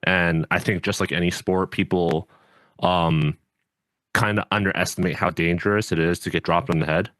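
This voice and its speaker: A man's voice: low-pitched, steady tone, normal speed, fairly bright tone, no room sound. A man hosting a podcast, talking in an earnest, rambling way with many fillers and restarts. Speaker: podcast host and judo coach. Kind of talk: casual podcast chat.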